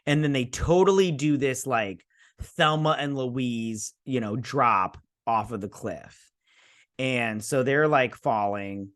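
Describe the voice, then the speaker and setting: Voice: mid-range voice, slow, fairly bright tone. Sarcastic rambling episode reviewer. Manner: sarcastic, rambling, many fillers. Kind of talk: casual recap and review.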